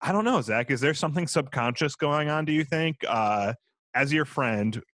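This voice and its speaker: A man's voice: a little high, lively intonation, moderate pace, fairly bright tone, no echo. A man co-hosting a podcast in casual chat, rambling with fillers and self-deprecating laughs. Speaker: podcast co-host.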